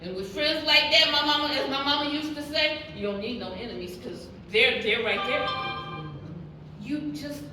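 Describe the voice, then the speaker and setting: A woman's voice: high voice, normal speed, sharp tone. A woman leading a Bible study, telling her own story in testimony style and acting out the voices of the people in it. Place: church hall. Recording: echoey room from a distance, with background noise.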